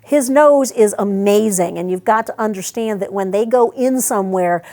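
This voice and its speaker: A woman with a warm, mid-range voice and moderate pace demonstrates service dog training hands-on. Speaking straight to veterans, she explains each step in a chatty, practical way, pausing to give the dog brief commands.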